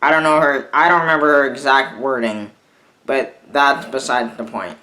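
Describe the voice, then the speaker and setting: A young man telling a personal story in a vlog, halting and rambling, often restarting his sentences. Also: medium pitch, fairly even intonation, sharp tone. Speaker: vlogger.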